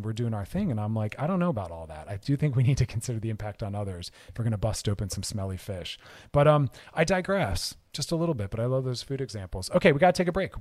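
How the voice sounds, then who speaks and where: A man from California, United States, hosts a radio talk show, delivering an earnest, animated monologue of advice. His voice is medium in pitch with a darkish tone.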